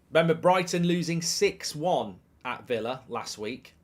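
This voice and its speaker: Rambling middle-aged man. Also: on the high side. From England. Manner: rambling, swears, reads out viewer messages. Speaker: host. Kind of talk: live football watchalong commentary.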